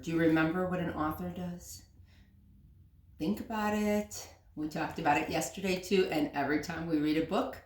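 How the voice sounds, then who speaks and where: A woman teacher reading a picture book aloud to children, gently asking questions and explaining words. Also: low-pitched, echoey room, a little hiss or hum.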